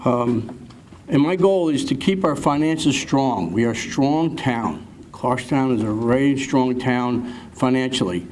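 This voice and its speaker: A man, a town councilman giving an emotional speech at a town meeting, halting and repeating words as he thanks people. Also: medium pitch, a little mellow, slight background noise.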